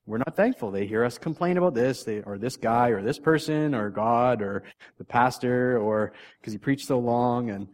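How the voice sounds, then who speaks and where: A man's voice: mid-range voice, moderate pace. Chatty, self-deprecating male preacher. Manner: frequent restarts, loudness swings from soft to punchy. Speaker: pastor; father of three young kids. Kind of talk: casual conversational sermon.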